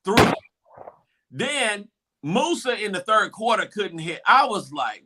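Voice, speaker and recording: Male host, high-ish animated voice, excitable storyteller. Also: measured pace. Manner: excited storytelling, acts out crowd reactions. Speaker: show host. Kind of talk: animated game recap.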